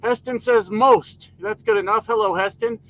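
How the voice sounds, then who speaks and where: A man with a high-pitched, fairly bright voice speaks at a moderate pace with fairly even intonation, streaming live from inside his parked truck. He chats, jokes, and greets viewers by name as he reads their comments, and the low-quality recording carries a little hiss or hum.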